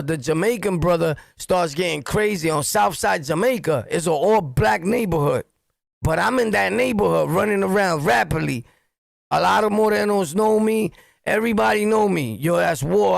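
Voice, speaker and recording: A middle-aged man with a New York accent holds forth in a blunt, profane street-talk monologue. His voice sits high for a man and has a gravelly edge. The sound is dry and close. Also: normal speed, dry recording. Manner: blunt, profane, animated storytelling. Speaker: streamer and commentator.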